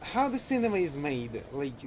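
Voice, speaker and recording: Russian-accented man streaming, halting speech. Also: fairly high pitch, very animated, darkish tone, slight background noise. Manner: halting, searching for words, laughing and swearing. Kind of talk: casual live game commentary.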